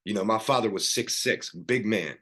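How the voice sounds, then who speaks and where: A man's voice: lowish voice, normal speed, pushed and bright. A middle-aged man, a podcast guest, earnestly telling his life story in casual conversation, rambling with fillers and restarts.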